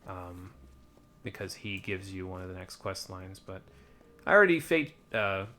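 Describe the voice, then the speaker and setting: A man's voice: low voice, lively intonation, measured pace, pushed and bright. A man giving casual, rambling commentary while playing a video game, with wry muttered asides. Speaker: let's play streamer.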